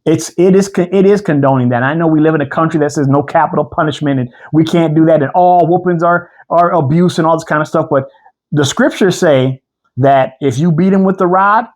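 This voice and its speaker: A man co-hosting a casual couch chat, animated and preachy, slowing down to read scripture aloud. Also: fairly high pitch. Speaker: co-host.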